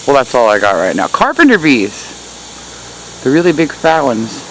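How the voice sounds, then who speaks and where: A woman's voice: extremely low pitch, very animated, moderate pace, slight background noise, low-quality recording. A woman giving a casual, chatty tour of her backyard garden in the heat, hot and sweaty and laughing at herself. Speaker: gardening vlogger.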